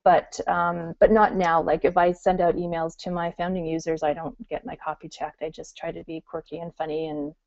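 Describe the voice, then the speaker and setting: A middle-aged woman talking casually in an interview and acting out her customers' excited reactions. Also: lowish voice, moderate pace, creaky, hardly any pauses, dry recording. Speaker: guest entrepreneur. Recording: muffled call audio.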